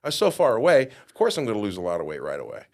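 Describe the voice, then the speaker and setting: A middle-aged man with a somewhat low voice tells a personal story on a podcast. He acts out other people's lines and swings from quiet asides to loud outbursts. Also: rapid-fire. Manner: animated storyteller, acts out quotes with big jumps in loudness. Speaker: guest.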